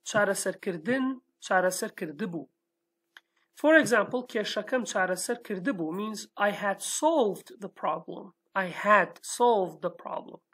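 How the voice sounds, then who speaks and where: Kurdish-accented woman, native Kurdish speaker, mid-pitched teacher voice, patient and step-by-step, keeps checking in with the learner. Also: measured pace, fairly bright tone, husky. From Iraqi Kurdistan, Sulaymaniyah. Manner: patient, explains step by step, often checks with "okay?". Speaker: language teacher. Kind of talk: online language lesson.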